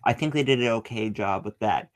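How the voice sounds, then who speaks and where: A man's voice: lowish voice, fairly quick, no room sound. A young man hosting a casual livestream, reading chat questions aloud and answering in a rambling, blunt way full of ums and swearing. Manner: rambling, filler-heavy, blunt and profane.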